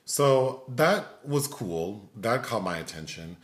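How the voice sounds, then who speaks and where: A man's voice: medium pitch, sing-song, slow pace. A man giving a rambling, filler-heavy critique of a film in casual chat. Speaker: film reviewer. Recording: roomy echo.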